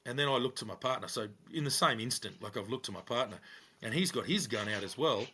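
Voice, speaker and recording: Speaking quickly with a medium pitch and a breathy edge, this middle-aged Australian ex-cop co-hosts a podcast and recounts a police story casually. He gets animated, raising his voice to act out quotes.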